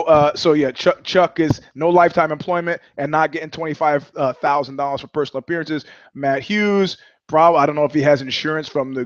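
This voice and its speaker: A man's voice: a little high, no room sound, muffled recording. A man hosting a podcast, ranting about fights in a profane, rambling way and acting out quoted conversations. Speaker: podcast host. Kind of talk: casual rant.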